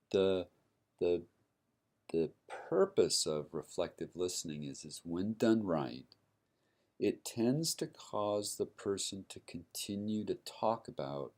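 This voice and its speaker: In a recorded classroom lecture, a man walks through a university topic step by step, checking in with listeners by asking "right?" along the way. His voice is low and a little mellow.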